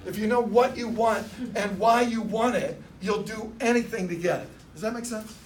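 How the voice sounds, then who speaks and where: Male sales coach, fairly high voice, heard from a distance, punchy call-and-response delivery. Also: normal speed, slight background noise. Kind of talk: motivational sales talk. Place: dealership meeting room.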